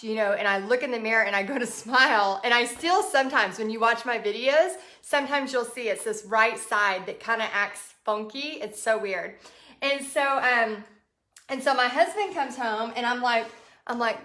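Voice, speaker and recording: A woman's voice: a little high, moderate pace, bright, forceful tone. A chatty woman with a Texan accent, hosting a casual livestream, laughing often and reading out viewer comments. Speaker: art business coach host.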